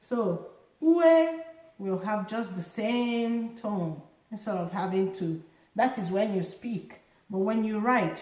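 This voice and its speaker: A woman teaching a language lesson, drawing words out slowly and sounding their tones in drills. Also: mid-range voice, mellow, reverberant, poor audio. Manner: drawn-out sung word drills. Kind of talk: slow tone-marking lesson.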